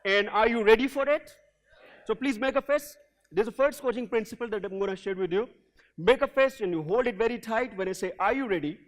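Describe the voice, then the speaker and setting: High-voiced energetic male keynote coach. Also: fairly quick. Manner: energetic, storytelling, drives audience participation. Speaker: leadership coach, keynote speaker. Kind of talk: motivational keynote with audience call-and-response. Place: hotel event hall before a large audience.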